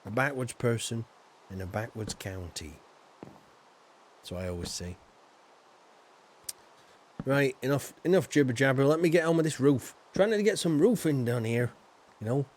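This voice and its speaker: A man's voice: mid-range voice, expressive, normal speed, pauses often, a little mellow, a little hiss or hum. Rambling Yorkshire man chatting while gaming. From Yorkshire, England. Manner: rambling and chatty, full of "you know" asides. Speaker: streamer. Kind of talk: casual gaming chat.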